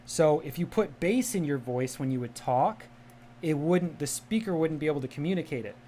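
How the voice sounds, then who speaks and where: A man's voice: on the high side, animated, moderate pace, warm tone, slight background noise. Well-spoken Midwestern man, media voice. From American Midwest. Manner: chatty, enunciates carefully, well-spoken media voice. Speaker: livestream host. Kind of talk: casual livestream chat. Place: home room with a cat.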